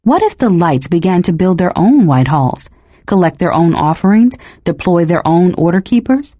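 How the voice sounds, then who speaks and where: A woman reading a novel aloud as first-person narration, measured and expressive. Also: lowish voice, no echo. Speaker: audiobook narrator.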